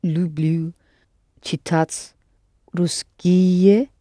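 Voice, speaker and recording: A woman's voice: fairly low pitch, steady tone, extremely slow, warm tone, dry recording, clean studio sound. A woman studying Russian, answering carefully word by word in a lesson. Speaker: language student. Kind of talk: language lesson.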